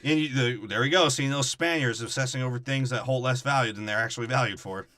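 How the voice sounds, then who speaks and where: Bright-voiced crude young man podcaster. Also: mid-range voice, fast talker, slight background noise. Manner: crude, deadpan asides, hesitant ums. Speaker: podcast co-host. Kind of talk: casual comedic movie recap.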